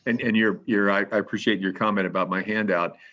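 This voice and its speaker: An older man with a very low, bright-edged voice speaks haltingly, stumbling over repeated words and clearing his throat. His audio sounds dull and lo-fi, as if from a remote call. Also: steady tone. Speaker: panelist. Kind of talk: panel discussion comment.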